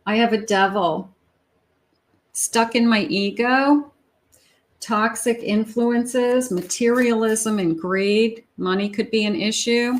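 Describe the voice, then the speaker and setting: A woman's voice: fairly high pitch, takes it slowly. A woman giving a tarot reading in a chatty, conversational way, with frequent fillers and restarts. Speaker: tarot reader.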